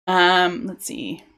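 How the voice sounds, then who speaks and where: Unhurried woman, lowish voice, casual livestream, thinks aloud with many restarts. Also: fairly bright tone. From United Kingdom. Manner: rambling, self-interrupting, musing aloud. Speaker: streamer building a game world.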